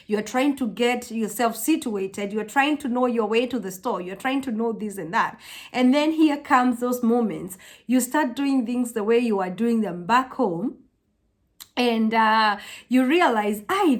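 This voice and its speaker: A young woman from Africa chatting to her vlog audience, telling stories with lively acted-out quotes. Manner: animated storytelling, acts out quotes in high voices. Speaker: vlogger. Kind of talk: casual chat to camera.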